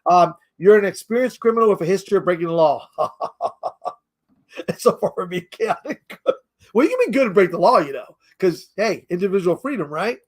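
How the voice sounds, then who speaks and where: A man's voice: high-pitched, expressive, brisk. A man hosting a casual tabletop game tutorial, explaining the rules in a rambling way and chuckling often. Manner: rambling, chuckles often, trails off while searching.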